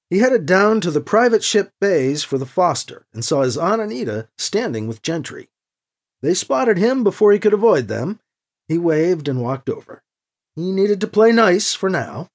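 An audiobook narrator reading a story aloud and giving each character a voice of their own. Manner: lively, voices each character with shifts in pitch.

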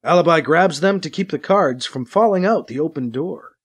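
A man narrating a science-fiction story with a dramatic, expressive reading. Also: on the high side, moderate pace, breathy edge. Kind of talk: audiobook narration.

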